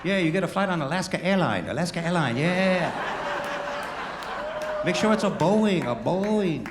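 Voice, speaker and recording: A man voicing his pushy, scheming wife in a stand-up bit, high and insistent, with roomy club sound and background noise. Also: lively intonation, normal speed, crowd noise. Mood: scheming cheerful. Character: pushy scheming wife, middle-aged woman.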